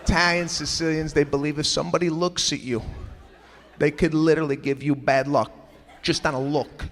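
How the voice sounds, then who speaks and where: A male stand-up comedian telling stories in an animated, exasperated way, slipping into acted-out voices. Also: fairly high pitch, moderate pace. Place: large theater with a live audience. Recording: live hall recording with crowd laughter.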